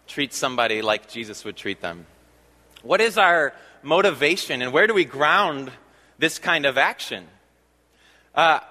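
A man preaching in a church, his bright voice sitting a little high for a man. He talks in a relaxed, conversational way with fillers, then slows right down to press key phrases home. The room adds a long hall reverb behind every word. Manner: conversational preaching with fillers and slow emphatic repeats. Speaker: pastor. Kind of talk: sermon. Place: church sanctuary.

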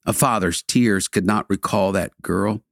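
A man delivering a devotional sermon, preaching in rhythmic, building repetitions with dramatic pauses. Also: deep voice, gravelly, a bit bright, no echo, clean studio sound.

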